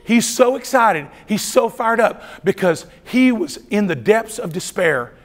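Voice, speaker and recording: A man's voice: high voice, unhurried. A middle-aged man telling a story as a youth conference preacher, acting out the voices as he goes. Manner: animated storytelling, acts out voices. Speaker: youth speaker. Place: large church hall. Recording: reverberant hall.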